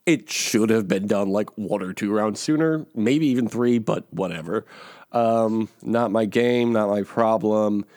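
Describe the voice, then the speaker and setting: A man's voice: on the low side, unhurried, darkish tone, no echo, studio quality. A male podcast co-host in casual chat, wry and laughing often, trailing off with ums as he recaps a reality show.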